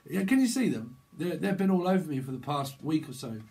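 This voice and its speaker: Chatty man with a higher voice. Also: very animated, brisk, creaky, warm tone. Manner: chatty, acting out slangy mini-dialogues, laughs often. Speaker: tarot reader. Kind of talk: rambling solo tarot reading.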